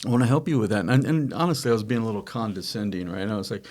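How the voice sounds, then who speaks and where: A man's voice: fairly low pitch, rapid-fire, hardly any pauses, darkish tone. A middle-aged man hosting a podcast, telling a family business story in a rambling, self-correcting way and acting out quoted dialogue. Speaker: podcast host, company founder. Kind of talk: casual storytelling chat.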